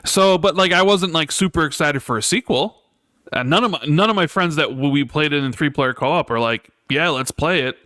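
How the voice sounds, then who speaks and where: Male co-host, high-ish, animated, teasing, dry mic. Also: brisk, no room sound. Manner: teasing, laid-back, many fillers. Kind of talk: casual podcast chat.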